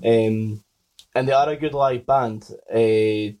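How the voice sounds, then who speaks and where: A man's voice: medium pitch, fairly even intonation, takes it slowly, a little mellow, rough recording. A Scottish man hosting a podcast, chatting in an opinionated way with some swearing. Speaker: podcast host. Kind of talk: casual chat.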